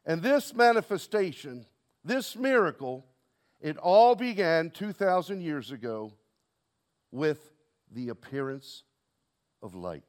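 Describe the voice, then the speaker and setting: Pastor, male, high voice, preaching a church sermon with call-and-response. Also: sing-song, slow pace, long pauses. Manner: rhetorical questions to the congregation, call and response.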